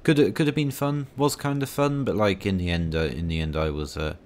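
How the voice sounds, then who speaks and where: A man's voice: low voice, steady tone, fairly quick, a little hiss or hum. A man giving rambling, self-mocking commentary while playing a tank game, full of dry asides. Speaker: gaming video creator.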